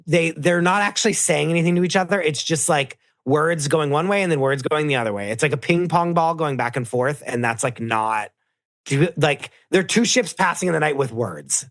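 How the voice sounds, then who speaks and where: A man talks in a relaxed podcast conversation. He retells scenes by performing quotes in jumpy, shifting voices, sometimes much higher. The sound is close and dry. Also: normal speed, dry recording. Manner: animated storyteller, acts out quotes in shifting voices. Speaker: reality TV producer, guest co-host. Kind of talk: casual podcast chat.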